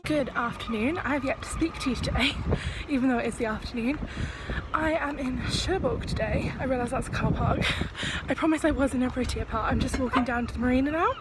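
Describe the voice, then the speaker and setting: A woman's voice: sits high, brisk, over loud music, rough recording. A woman chatting to camera as a travel vlogger while walking outdoors, laughing often as she tells stories. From England. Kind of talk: casual vlog chat. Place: outdoors, walking through a windy town. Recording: wind noise on an outdoor camera mic.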